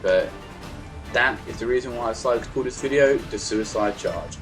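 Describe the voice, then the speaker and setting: A young man giving casual gameplay commentary as host, chatty and excitable, acting out reactions on a home computer mic. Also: medium pitch, moderate pace. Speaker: gaming video host. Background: game music.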